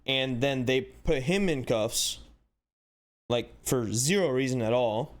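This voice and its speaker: A man hosts a sports channel and breaks down footage in casual, animated commentary. His voice is smooth and resonant at an ordinary pitch. He fires off exasperated rhetorical questions and leans on "like" throughout. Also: takes it slowly.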